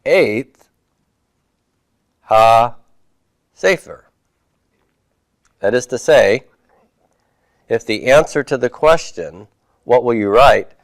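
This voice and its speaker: A man's voice: mid-range voice, expressive, very slow, long pauses, no echo. Guy going over hebrew homework with his class, patient, asks then answers, dry sound. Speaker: Hebrew teacher.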